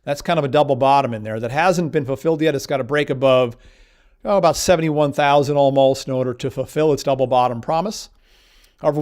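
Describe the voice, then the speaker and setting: A man's voice: fairly high pitch, darkish tone. Emphatic man explaining stock charts. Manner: emphatic, piles up vivid synonyms. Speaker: market educator. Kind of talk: chart walkthrough lesson.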